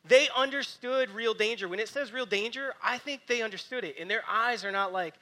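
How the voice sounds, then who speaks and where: A man preaching a sermon, telling stories with lively energy and dropping to quiet, soft reflection. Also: high-pitched, brisk. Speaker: pastor.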